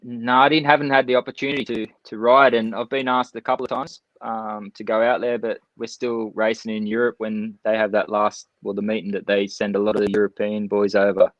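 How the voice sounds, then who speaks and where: A man's voice: fairly low pitch, little pitch movement, brisk, few pauses, no echo, highs cut off. A man guesting on a podcast over a video call, easygoing and casual. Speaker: guest, speedway rider. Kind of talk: casual interview chat. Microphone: computer mic on a video call.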